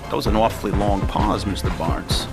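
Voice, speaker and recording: An actor playing a sarcastic, threatening school principal who acts like a mobster. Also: male voice, on the low side, fairly even intonation, normal speed, over loud music, lightly acted. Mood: sarcastic menace.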